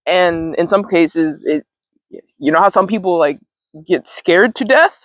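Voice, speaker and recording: A woman's voice: lowish voice, a little slow, no echo, rough recording. A woman hosting a wellness show, talking casually and rambling, repeating words, laughing often and swearing now and then. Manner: informal, slangy, occasional swearing. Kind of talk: casual talking-to-camera monologue.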